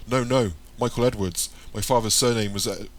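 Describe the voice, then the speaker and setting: A man's voice: fairly low pitch, normal speed, natural voice. A man voicing a nervous young man who stammers over his words in an audiobook. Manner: stammering, anxious.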